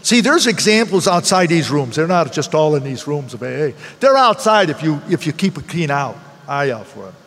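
Earnest older man with a high voice. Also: sing-song, moderate pace, few pauses, a bit bright, in a large hall. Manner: earnest and heartfelt, repeats phrases for emphasis. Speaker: speaker at a recovery meeting. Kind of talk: personal testimony talk.

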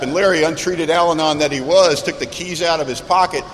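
A man's voice: on the high side, fairly bright tone. Candid man telling his story in an echoey hall. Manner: candid, self-mocking storyteller with dramatic lists and pauses. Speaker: speaker sharing his story at a recovery meeting. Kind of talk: personal recovery testimony to an audience. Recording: echoey hall with faint background noise.

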